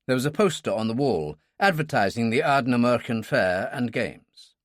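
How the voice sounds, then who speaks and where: A male audiobook narrator reading a thriller in an expressive way, his pitch moving a lot through each sentence. The recording is dry and close, with no room sound. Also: normal speed, no echo. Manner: expressive, voices many characters.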